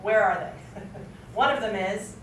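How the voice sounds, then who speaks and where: Heavy background noise surrounds a woman speaking a little slowly in a mid-range voice. She is an acting teacher giving classroom instruction through a drill, forever quizzing students and checking "right?", recorded by a distant camera in an echoey space.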